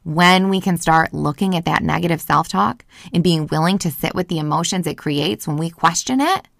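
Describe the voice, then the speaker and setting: Alone in a closet at home, a woman hosts her podcast into a studio microphone, giving a casual motivational monologue with passion, candor and free swearing. Her voice is deep, gravelly and steady at a moderate pace, clean with no echo.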